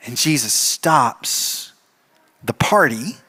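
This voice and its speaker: A man preaching a sermon as pastor, telling the story in an animated way and acting out the characters. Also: medium pitch, takes it slowly, breathy edge. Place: church.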